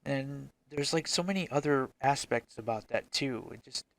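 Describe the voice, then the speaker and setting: A man's voice: mid-range voice, normal speed, a bit bright. A man talking to camera in a casual, reflective vlog as an indie game developer. He is frank, rambles with many restarts, and swears freely.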